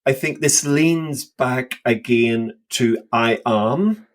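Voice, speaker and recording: A man co-hosting a podcast, explaining a Bible passage in an animated, emphatic way, often voicing the people in the story. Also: mid-range voice, takes it slowly. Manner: animated, emphatic, acts out quoted lines. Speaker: podcast co-host. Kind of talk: casual theological discussion.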